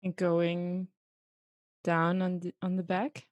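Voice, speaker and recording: Female participant, slightly low voice, brief unsure answers, dry recording. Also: completely flat delivery, slow, darkish tone, dry recording, lo-fi sound. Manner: short, tentative answers. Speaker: participant in the exercise.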